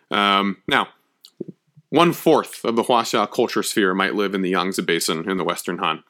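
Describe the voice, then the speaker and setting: A man's voice: on the low side, a bit bright. A man giving a history lecture, emphatic and conversational, checking in often with his listeners. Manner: emphatic, checks in with frequent "okay?".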